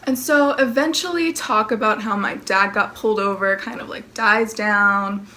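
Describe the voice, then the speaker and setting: With slight background noise, a late-teen vlogger speaks at normal speed in a medium-pitched, bright, forceful voice. Her casual storytime is sarcastic and full of swearing and the filler "like," punctuated by mocking, exaggerated impressions of others.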